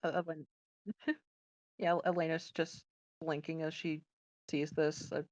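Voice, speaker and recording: A woman's voice: low voice, level tone, measured pace, darkish tone, muffled recording. A woman playing in a tabletop game, hesitant and giggling often. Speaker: player.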